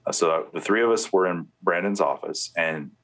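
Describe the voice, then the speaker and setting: A man's voice: low voice, moderate pace, a bit bright. A man, a former head of security, being interviewed and recounting meetings at length, with fillers and restarts. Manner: retells conversations in quoted speech, with restarts and fillers. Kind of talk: telling a story in an interview.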